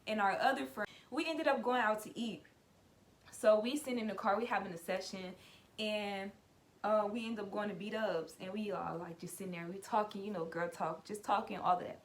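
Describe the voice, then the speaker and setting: A woman's voice: medium pitch, fairly even intonation, moderate pace. A young adult woman vlogger telling a personal story in a loose, chatty way, often saying "like" and addressing her viewers as "y'all". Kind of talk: casual story time.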